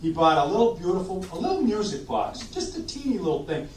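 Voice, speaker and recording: Jokey male sing-along entertainer, lively pitch. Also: quick pace, slight background noise. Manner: jokey, chatty, coaxes the audience to sing. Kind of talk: live oldies sing-along show with banter. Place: community room at a senior living residence. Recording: roomy distant live recording with music.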